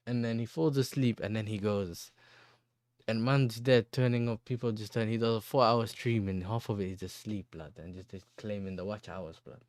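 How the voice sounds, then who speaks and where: A slangy, laid-back man hosts a football livestream and talks right to his chat. His voice sits fairly low, and the sound is dry and close with no room around it. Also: fairly even intonation, moderate pace, a little mellow, dry recording.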